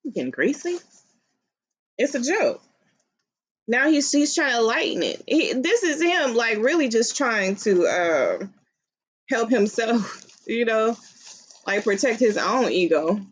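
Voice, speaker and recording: A woman's voice: a little high, sing-song, measured pace, long pauses. A woman telling her story to viewers, explaining in a reflective, conversational way. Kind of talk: storytime commentary on a recording.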